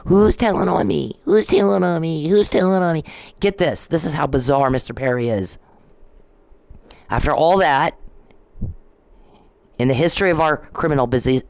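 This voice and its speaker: A woman's voice: rumbling low, no echo, low-quality recording. A middle-aged woman in a ranting vlog monologue, confrontational and repetitive, scolding someone directly. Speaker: vlogger.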